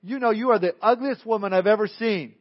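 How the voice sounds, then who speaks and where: A man squawking as a rude, loudmouthed parrot. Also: sits high, brisk. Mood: insulting. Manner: blunt, squawking insults. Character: rude loudmouthed pet-store parrot, male. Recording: dull lo-fi recording.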